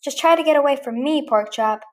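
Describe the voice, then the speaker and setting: A bold cowgirl toy with a sassy, jaunty swagger, as a woman reads her aloud. The voice runs a touch high and lively. It is a storybook read-aloud. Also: a little fast, recorded from a distance, close to an everyday voice. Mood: feisty.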